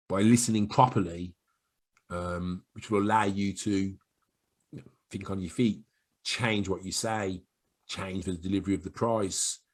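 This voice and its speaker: Husky Black Country man coaching sales. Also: lowish voice. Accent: Black Country English. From Black Country, England. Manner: chatty, animated, acts out quick voices of callers and himself. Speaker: sales trainer. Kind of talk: talking-head sales advice to camera.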